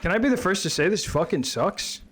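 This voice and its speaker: Male streamer, slightly higher voice, playful banter, cursing. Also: brisk, husky. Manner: jokey, animated, swears freely. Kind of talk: casual gaming banter.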